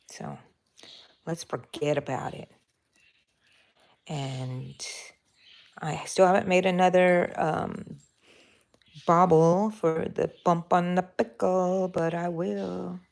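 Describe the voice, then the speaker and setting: A woman's voice: on the low side, steady tone, slow, vocal fry, long pauses, darkish tone. An older woman hosting a home craft livestream, chatting in a rambling, casual way and answering her viewers. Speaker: crochet livestream host. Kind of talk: casual chat while crocheting.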